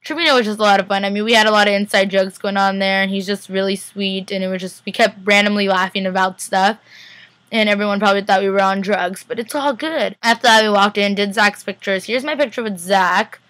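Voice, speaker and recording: Fast-talking bright young woman vlogger. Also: mid-range voice, steady tone, no echo. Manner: rambling, heavy use of "like", acts out quotes. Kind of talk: casual chatty recap.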